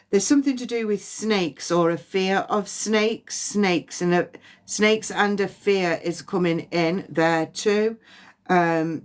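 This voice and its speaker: A woman giving a past-life psychic reading on a phone livestream, halting and repeating words as impressions come to her. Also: lowish voice, clean tone. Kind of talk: livestream reading and guided release.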